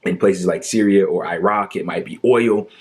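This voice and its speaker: Male commentator, low voice, sarcastic and animated, debunking a politician's claims. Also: moderate pace, husky. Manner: mocking, exaggerated fake sorrow and sighs; animated, argumentative, incredulous.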